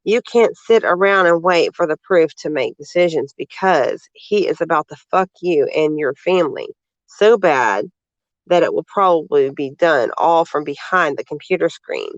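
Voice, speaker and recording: A man's voice: on the high side, animated, normal speed, no room sound, lo-fi sound. A man reading social media posts aloud and commenting on them in a sarcastic, indignant manner. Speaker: vlogger.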